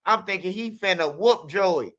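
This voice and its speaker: A man talking fast and loose as a stream host, acting out fight noises as he tells a story. His voice is bright and forceful, a little high for a man, and the audio sounds dull and lo-fi. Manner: animated, acts out fight sounds and quotes. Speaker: commentary channel host. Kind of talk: casual storytelling commentary.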